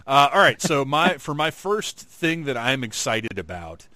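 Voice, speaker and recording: A man's voice: mid-range voice, big pitch swings, a little slow, sharp tone, dry recording. A man co-hosting a casual chat, talking with enthusiasm and laughing easily. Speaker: podcast co-host.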